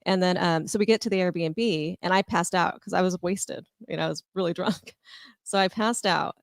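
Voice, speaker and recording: With a gravelly voice on the low side, a woman co-hosting a podcast recounts a personal story at normal speed, with no room sound in the recording. Her telling is rambling and casual, packed with fillers and broken up by her own laughter.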